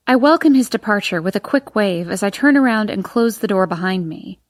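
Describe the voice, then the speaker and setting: A woman narrates a first-person audiobook with an expressive, emotional delivery. Her voice sits at a middle pitch. The recording sounds dry and close, with no room around it. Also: moderate pace, no room sound.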